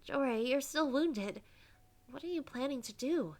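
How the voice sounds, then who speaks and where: A woman's voice: sits high, expressive, a little slow. Woman voicing a worried mermaid girl. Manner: pleading, worried. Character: young mermaid woman turned human, anxious.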